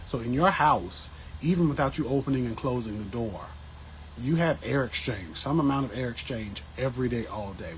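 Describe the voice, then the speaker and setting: A man chatting casually with his viewers on an outdoor patio, answering plant questions in a joking, animated way. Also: mid-range voice, a little hiss or hum, low-quality recording. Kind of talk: casual livestream chat.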